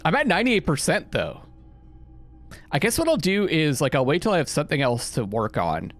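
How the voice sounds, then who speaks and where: A man's voice: fairly high pitch, big pitch swings, a little fast, soft background music. A man hosting a let's play, casually commenting on the game and thinking aloud, often restarting his sentences.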